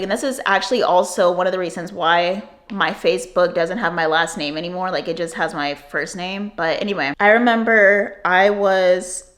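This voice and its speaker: A woman's voice: fairly low pitch, fairly bright tone. A woman in her twenties telling a storytime vlog, rambling with many fillers and frequent swearing. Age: 20s. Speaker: vlogger.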